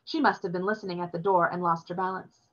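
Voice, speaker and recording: A woman reading a novel aloud in a plain, steady storytelling manner, recorded with dull lo-fi sound. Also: fairly low pitch, fast.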